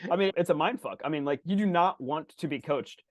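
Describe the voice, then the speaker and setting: Male podcast host, animated and profane, slightly high pitch, dry booth sound. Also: a little fast, no room sound. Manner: animated, swears freely. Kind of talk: casual book discussion.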